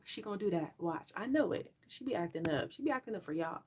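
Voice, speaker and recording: A young woman hosting a casual livestream chat, talking straight to her viewers in an animated way and laughing often. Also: on the low side, quick pace, slight background noise. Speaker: livestream host.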